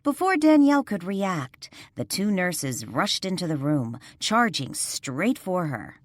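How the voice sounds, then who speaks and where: A woman narrating a ghost mystery audiobook in an expressive storytelling voice. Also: on the low side, a little slow, dry recording, clean studio sound. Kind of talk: scripted narration.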